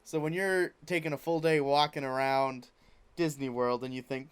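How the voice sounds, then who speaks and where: A man's voice: medium pitch, level tone, normal speed, smooth. A man co-hosting a podcast in casual chat, playful and jokey, with frequent swearing. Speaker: podcast co-host.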